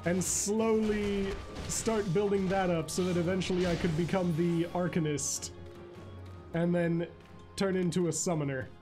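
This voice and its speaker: High-voiced, goofy male game streamer. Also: fairly even intonation, a little slow, over music. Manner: goofy and jokey, laughs and makes silly noises. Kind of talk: casual gaming commentary.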